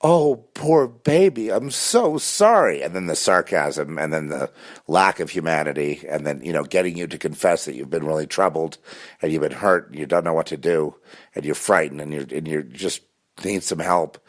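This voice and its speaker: Low-voiced man, intense rambling monologue, repeats himself and restarts a lot. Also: fairly even intonation, fairly quick. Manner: intense, insistent.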